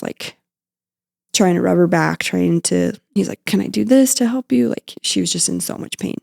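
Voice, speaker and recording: This is a young woman telling a personal story of loss as a podcast guest. Her voice sits low with a gravelly fry, and she talks haltingly, restarting her sentences. She sounds emotional and close to tears at times. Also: a little mellow. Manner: halting, with frequent fillers and restarts.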